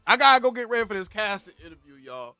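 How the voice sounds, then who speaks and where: A male podcast host wrapping up a casual sports talk show, relaxed and encouraging toward his caller. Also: high voice, fast, soft background music. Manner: laid-back, hypes up the caller.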